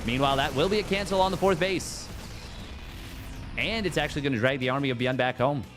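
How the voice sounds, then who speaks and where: A man casting a strategy game tournament on his own, jokey and excitable, riffing between plays. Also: on the high side, a little fast, noisy background. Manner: jokey, excitable, riffs and sing-songs. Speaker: esports caster. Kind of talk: solo game commentary.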